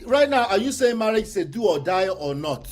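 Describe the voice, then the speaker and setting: A man's voice: sits high, sing-song, brisk, faint music behind. A middle-aged man hosting a panel debate, emotional and pressing with repeated questions. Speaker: host.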